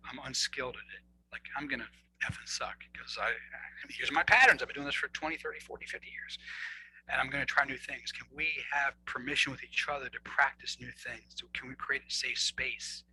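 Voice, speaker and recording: A man speaking as a guest relationship coach, explaining earnestly and acting out inner dialogue, swinging between loud and soft. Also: mid-range voice, a little fast, breathy edge, low-quality recording. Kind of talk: conversational explaining.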